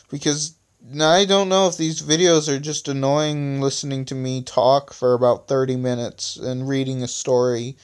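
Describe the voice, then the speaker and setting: A man with a slightly high, darkish, clean voice reads his own story aloud into a phone screen recorder. He stumbles and restarts often, tossing in self-mocking asides.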